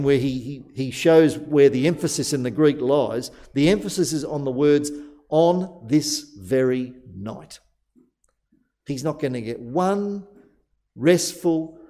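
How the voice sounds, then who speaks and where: A man preaching a sermon, telling a parable with strong emphasis and theatrical pauses. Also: medium pitch, dark tone. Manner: storytelling, varied emphasis with dramatic pauses.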